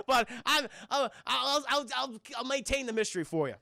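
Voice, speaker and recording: Gravelly high-voiced man recapping on stream. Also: moderate pace. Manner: animated, swears a lot, keeps addressing the chat. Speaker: cartoon reviewer streaming to a live chat. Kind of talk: profane casual recap of an episode.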